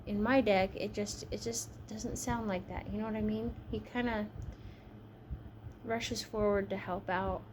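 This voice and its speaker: A woman's voice: medium pitch, steady tone, a little slow, darkish tone, slight background noise. Chatty woman reading tarot cards. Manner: chatty, frank, swears casually. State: tired, yawning. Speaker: tarot reader.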